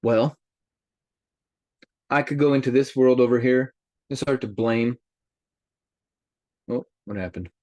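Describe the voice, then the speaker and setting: A man hosting a group call, talking in an animated way and speaking straight to his listeners. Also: mid-range voice, takes it slowly, pauses often, no room sound. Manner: animated, addresses listeners directly. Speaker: host. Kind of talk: motivational group call talk.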